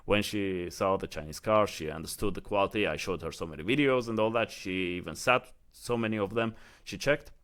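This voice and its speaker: A man's voice: sits low, brisk, a bit bright. A man with an Emirati accent telling a casual, heated story in a vlog, filling his talk with "like" and "you know". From United Arab Emirates. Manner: heated, chatty, heavy use of "like" and "you know". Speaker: vlogger.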